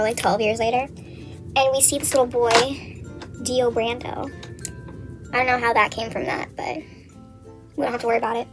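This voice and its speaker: Young woman, high voice, rambling, swearing, lots of "like", faint music behind. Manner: rambling, swears a lot, heavy use of "like". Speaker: vlogger. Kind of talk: casual chat, retelling a story from memory.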